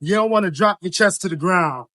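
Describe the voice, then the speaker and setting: A man's voice: sits high, brisk, bright, forceful tone, dry recording. A young man giving casual workout instruction in a gym, laid-back and slangy, constantly checking in with tag questions. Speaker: fitness coach.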